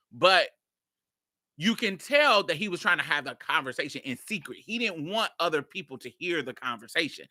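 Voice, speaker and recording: A woman podcast host telling a personal story in a blunt, profane, animated way. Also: fairly low pitch, no room sound, clean studio sound. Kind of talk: casual storytelling.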